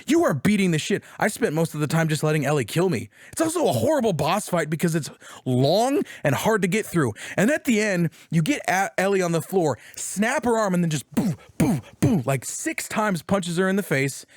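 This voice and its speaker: A man's voice: high voice, big pitch swings, dry recording, studio quality. A man on a casual podcast, animatedly retelling a video game story with plenty of swearing and bits of acted-out character lines. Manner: acts out characters with quick voice jumps. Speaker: podcast co-host. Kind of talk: casual chat.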